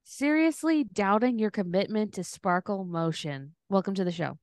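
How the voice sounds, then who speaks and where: A woman co-hosting a podcast in casual chat, with playful, deadpan quips. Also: medium pitch, normal speed, no room sound. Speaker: podcast co-host.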